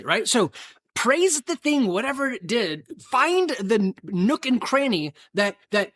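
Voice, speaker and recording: Extremely high-pitched and sing-song, a middle-aged man speaks unhurriedly with a slightly bright tone. A gym owner hosting a casual solo podcast, he rambles in a folksy, self-deprecating way, full of asides.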